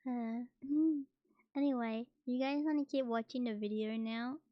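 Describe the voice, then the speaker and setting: A young woman chatting casually on a stream, soft and hesitant, with many fillers. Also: fairly high pitch, measured pace, no echo, muffled recording. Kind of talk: casual chat.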